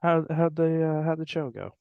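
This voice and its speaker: A man's voice: on the high side, moderate pace, creaky, smooth, no echo, phone-quality sound. A man hosting a podcast in casual chat, teasing his co-host and laughing often.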